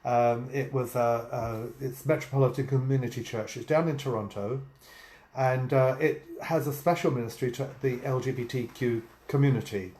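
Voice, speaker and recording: A man's voice: mid-range voice, fairly even intonation, moderate pace, darkish tone. A man co-hosting a casual vlog, telling stories and jokes with many ums and uhs. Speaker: vlog co-host. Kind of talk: casual storytelling chat. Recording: echoey room.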